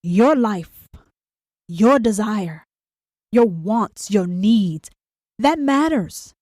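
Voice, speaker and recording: A woman's voice: medium pitch, lively intonation, very slow, darkish tone, no room sound, clean studio sound. A woman hosting a podcast, delivering a blunt, confrontational monologue full of rhetorical questions and swearing. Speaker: podcast host. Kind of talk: profane motivational monologue.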